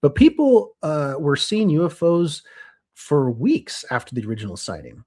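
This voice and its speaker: A young adult man co-hosting a podcast, telling a story from his notes in a lively, casual way with frequent restarts. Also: on the high side, moderate pace. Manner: animated, restarts and self-corrections. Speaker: podcast co-host.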